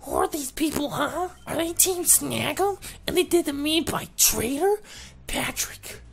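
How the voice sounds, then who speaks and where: Man putting on a squeaky falsetto girl. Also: expressive, unhurried, gravelly, heavily acted. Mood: startled. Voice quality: high falsetto. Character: surprised young girl companion.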